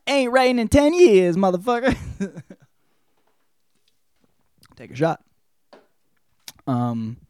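A man's voice: mid-range voice, dark tone, no room sound, studio quality. A rambling, profane man recapping a book. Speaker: podcast host. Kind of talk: casual spoken book report.

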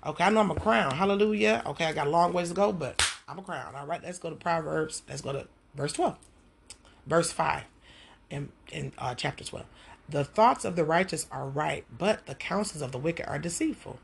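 A woman teaching a Bible passage at home in an animated, conversational way, talking straight to her listeners. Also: low-pitched, normal speed, vocal fry, husky. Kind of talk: casual devotional teaching.

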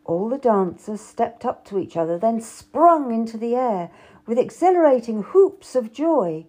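A woman's voice: on the high side, very animated, a little slow, warm tone. A woman narrating a historical novel in the first person, reading expressively. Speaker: audiobook narrator.

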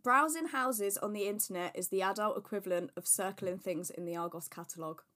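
A woman's voice: medium pitch, a little fast, fairly bright tone. A woman co-hosting a podcast in casual chat, talking in a chatty way with lots of fillers and blunt opinions. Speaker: podcast co-host.

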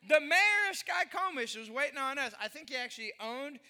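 High, bright-voiced joking pastor. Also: male voice, brisk. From Texas. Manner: animated, joking storyteller with rhetorical questions. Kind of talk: sermon.

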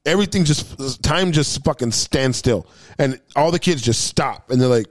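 A man's voice: mid-range voice, expressive, normal speed, dry recording. A man co-hosting a casual podcast chat, laughing often and talking in loose restarts. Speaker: podcast co-host.

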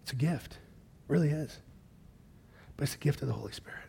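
A male pastor preaching a sermon with passion, rising to loud peaks and dropping to hushed whispers. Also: fairly high pitch, a little fast, gravelly, slight background noise.

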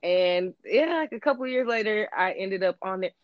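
A woman telling a high school story in casual chat, playfully acting out what people said. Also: expressive, normal speed, dry recording, muffled recording. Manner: playful, laughs and acts out quotes.

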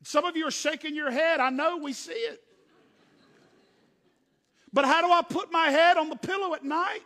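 A man preaching a sermon as pastor, swinging from loud emphatic preaching to low, hushed asides. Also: moderate pace, in a large hall.

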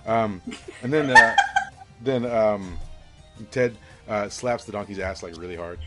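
Rambling low-voiced game master. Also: male voice, measured pace, loud music behind the voice. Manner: rambling, many fillers and restarts. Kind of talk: narrating a tabletop game.

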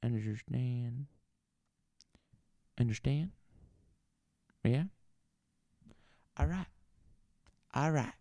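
Man putting on a foul-mouthed Southern bar owner, rambling and gravelly, dry close sound. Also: mid-range voice, drawn-out words, long pauses, mellow, no echo. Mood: fiddling, chatty. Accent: put-on Southern US. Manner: crude, rambling, swears a lot. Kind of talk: improvised character comedy.

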